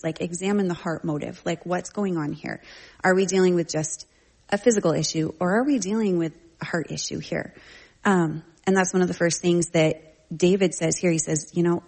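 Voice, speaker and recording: A middle-aged woman and parent teaching from scripture in a conversational, slangy style, telling lively family stories. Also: fairly low pitch, a little fast, slightly rough. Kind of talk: casual teaching talk.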